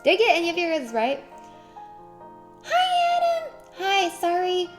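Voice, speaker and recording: A woman streamer in casual chat, reading chat aloud and acting out little voices with a giggly, animated manner. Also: extremely high pitch, unhurried, soft background music.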